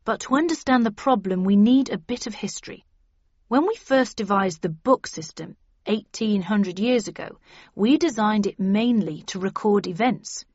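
A woman's voice: mid-range voice, expressive, moderate pace, a little mellow, husky, dry recording, lo-fi sound. A woman reading the part of a male official explaining a crisis at length, in an earnest, lecturing way, in an audiobook.

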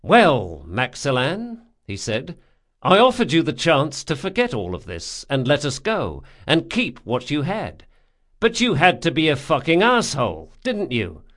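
Brash male thief, profane and quick to anger, read by a man in an audiobook, lively rising delivery. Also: a little high, pitched above the performer's own voice, heavily acted. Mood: scornful. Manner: swearing, urgent and emphatic.

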